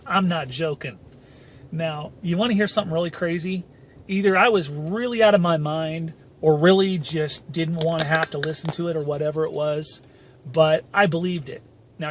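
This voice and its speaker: A man hosting a motivational channel, telling a personal story emphatically while touring a neighborhood outdoors on a handheld camera, with rambling "and, uh" pauses. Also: fairly high pitch. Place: outdoors, moving through a residential neighborhood. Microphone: handheld camera filming as he goes.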